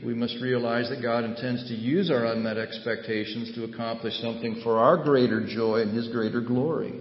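A man preaching a sermon, moving between loud, emphatic points and quiet storytelling. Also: mid-range voice. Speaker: pastor. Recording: echoey hall, dull lo-fi sound.

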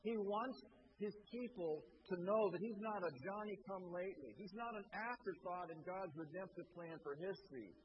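A man delivers a sermon in a somewhat high voice, pushing emphatically on his key points. The recording is dull and lo-fi. A steady layer of noise sits behind him. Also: normal speed. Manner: emphatic preaching, rising loud on key points. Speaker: pastor. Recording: dull lo-fi sound with clear background noise.

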